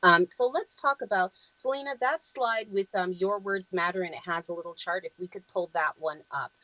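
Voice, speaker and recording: A woman's voice: lowish voice, moderate pace, pushed and bright, no echo, poor audio. A woman hosting a talk show, speaking in an earnest, affirming way with frequent ums as she walks through slides and reads short phrases aloud. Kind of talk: conversational talk show presentation.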